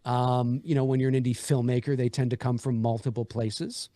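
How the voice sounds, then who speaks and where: A man's voice: medium pitch, level tone, brisk, dark tone, dry recording, studio quality. A man, an indie horror filmmaker, chatting casually on a livestream, rambling with lots of fillers and restarts.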